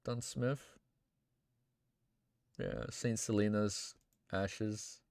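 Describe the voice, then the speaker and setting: A young man streaming, reacting emotionally and excitedly to fan art in casual chat, swearing often and calling viewers dude and bro. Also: lowish voice, drawn-out words, creaky, no room sound, clean studio sound.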